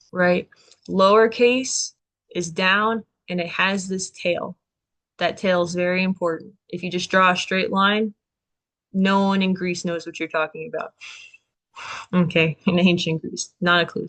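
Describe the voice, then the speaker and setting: A woman's voice: lowish voice, a bit bright. A woman tutoring students through a recorded alphabet lesson, chatty and upbeat, walking through each stroke step by step.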